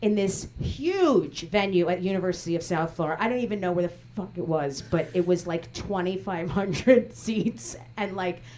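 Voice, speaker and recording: A woman's voice: fairly low pitch, moderate pace, few pauses. A woman comedian doing brash, teasing, profane crowd work on a club stage, talking into a handheld mic. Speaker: stand-up comedian. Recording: live show with loud crowd noise.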